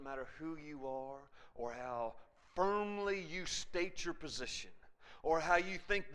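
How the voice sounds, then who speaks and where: A male preacher delivers a sermon in a high, bright voice that swings widely in pitch. He retells the story with animation and keeps turning to his listeners for agreement. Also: expressive, slow, smooth. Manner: conversational, often checks in with listeners.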